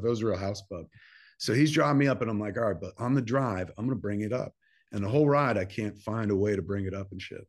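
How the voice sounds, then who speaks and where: A man in his fifties from New Jersey, a filmmaker telling a long personal story in a casual interview. He swears freely and acts out quoted dialogue in animated bursts. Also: mid-range voice. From New Jersey, USA. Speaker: filmmaker guest.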